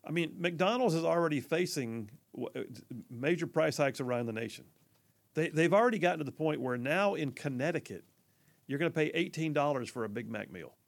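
A man's voice: on the high side, creaky. A man from Alabama with a Southern accent, hosting a conservative talk radio show in a folksy, emphatic, chatty way.

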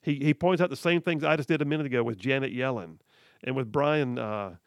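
A man's voice: mid-range voice, brisk, no echo, clean studio sound. A man hosting political talk radio, reading headlines aloud and mocking them with frequent laughs. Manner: sarcastic, laughs often, reads headlines aloud. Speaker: radio talk show host.

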